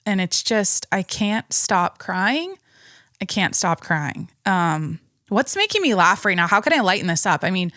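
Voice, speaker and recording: A young woman talks loosely into a close podcast mic, rambling and chatty with lots of restarts. Her voice sits at a middle pitch and the sound is dry, with no room around it. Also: bright, forceful tone, no room sound. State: pregnant. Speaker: podcast host. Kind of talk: casual solo podcast chat.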